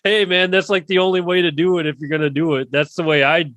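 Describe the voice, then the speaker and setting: A man's voice: fairly high pitch, quick pace, fairly bright tone, dry recording. Laid-back man co-hosting a podcast. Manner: laughs easily, jokey. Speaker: podcast co-host. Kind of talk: casual chat.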